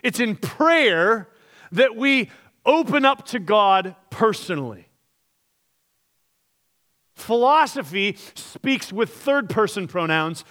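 Bright, high-voiced man preaching. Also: expressive, slow, pauses often. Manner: earnest preaching with rhetorical questions, reading scripture aloud. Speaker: pastor. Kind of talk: sermon.

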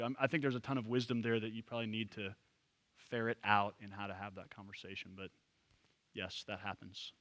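A man's voice: fairly low pitch, little pitch movement, a little fast, a bit bright, dry recording. A man leading a church training session, talking casually with many fillers and restarts. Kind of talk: casual teaching to a group.

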